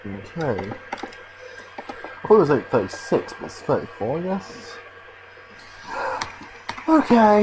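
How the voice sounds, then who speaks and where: A man's voice: medium pitch, very animated, unhurried, long pauses, background noise. A man giving sarcastic, wry commentary while playing a mystery video game. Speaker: gameplay commentator. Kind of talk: let's play commentary.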